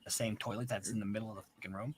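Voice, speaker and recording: A man speaking as a lawyer, explaining a court order in a commentary video in a measured, explanatory way. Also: on the low side, steady tone, noisy background.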